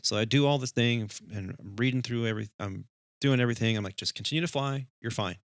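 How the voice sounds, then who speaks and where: The airline pilot co-host of an aviation podcast chats casually through a cockpit story at a quick pace. His voice is lowish, and he brings the tale to life by acting out the dialogue. The studio sound is clean, with no room sound.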